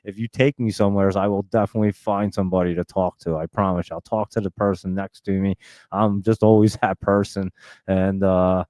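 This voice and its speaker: A man hosting a live stock-market stream, talking very fast in a chatty, rambling way and laughing often. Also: sits low, steady tone, mellow, dry recording. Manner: talks extremely fast and nonstop. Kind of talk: casual live-stream chat.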